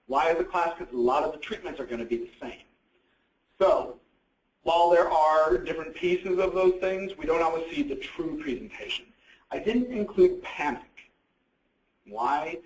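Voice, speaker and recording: A man gives a relaxed, conversational presentation, posing questions to his listeners and answering them himself. His voice sits a little high. The sound carries the echo of a roomy hall. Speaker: presenter on psychiatric issues. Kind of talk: educational presentation. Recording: echoey room.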